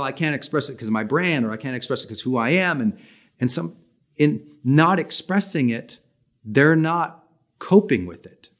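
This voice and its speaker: Male life coach in his forties, fairly high voice, energetic and conversational delivery for a class. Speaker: personal development coach. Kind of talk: motivational class talk.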